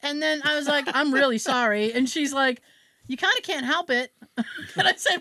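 A woman telling a funny story in casual chat, acting out the people in it with lively voices and frequent laughter. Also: high voice, normal speed, no echo. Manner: animated, acts out quotes in shifting voices, laughs often. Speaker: podcast co-host telling a story.

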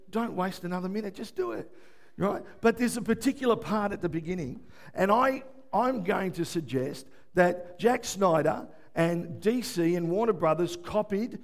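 High-voiced preaching man, hushed to shouting. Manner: swings from hushed to shouting, asks "yeah?". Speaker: pastor. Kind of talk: sermon.

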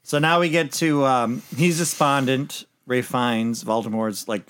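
A man's voice: mid-range voice, fairly even intonation, unhurried, a bit bright, clean tone. A man co-hosting a casual movie chat, rambling through the plot and correcting himself as he goes. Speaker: podcast co-host.

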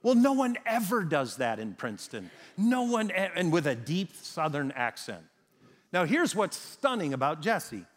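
Man preaching, kinda high voice, swings up and down a lot, big echoey church hall. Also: very animated. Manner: storytelling, emphatic with dramatic pauses. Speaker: pastor. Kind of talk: sermon. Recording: reverberant hall sound.

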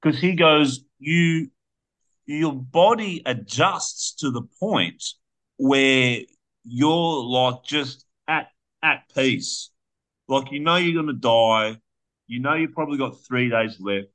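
Guy on a podcast rambling thru a story, bright forceful voice, swears a bit. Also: mid-range voice, slow. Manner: rambling, profane storytelling with restarts. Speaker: podcast co-host. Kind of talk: casual chat, retelling a story.

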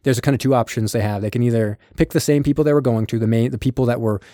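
A man hosting a casual chat, retelling a film's plot with lively quick impressions of its characters. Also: medium pitch, no room sound, studio quality. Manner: animated retelling, slipping into quick character voices. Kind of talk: casual film recap chat.

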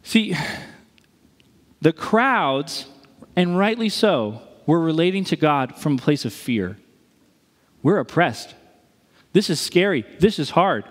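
A man preaching a sermon in a conversational, animated way, acting out the voices he quotes. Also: on the high side, slow, long pauses. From Missouri. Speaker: pastor. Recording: reverberant hall.

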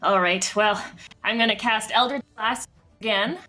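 A woman's voice: mid-range voice, steady tone, a little slow, pushed and bright, soft background music. A woman playing a tabletop game, talking casually with some hesitant fillers. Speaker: player.

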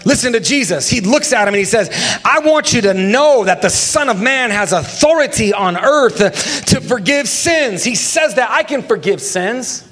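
A young man, a pastor, preaching a lively sermon with jokes and calls for the congregation to join in. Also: very high voice, moderate pace. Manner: lively, joking, talks with the congregation.

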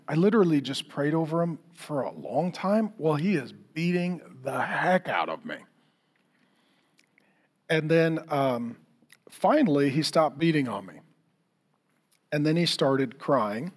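A man's voice: a little high, very animated, unhurried, long pauses. A man preaching a conversational sermon, telling stories and acting out the lines of the people in them. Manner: conversational, storytelling with acted-out quotes. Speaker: pastor.

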